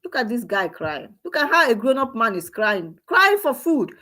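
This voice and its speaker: A Nigerian woman with a fairly high voice speaks in an emotional commentary monologue. She repeats her points and cries out to God, sounding preachy and exclamatory. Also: very animated, normal speed, pushed and bright. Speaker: online commentator.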